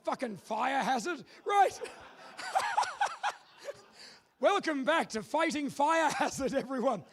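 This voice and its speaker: An Australian man hosting a live comedy game show on stage, loud and playful, bantering with the crowd. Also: extremely high pitch, lively intonation, normal speed. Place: live convention stage with audience.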